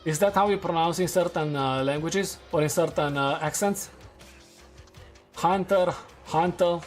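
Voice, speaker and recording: A man's voice: fairly high pitch, normal speed, faint music behind. A man streaming a game, chatting casually and laughing at his own takes; English is not his first language. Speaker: gaming streamer. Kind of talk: casual gameplay commentary.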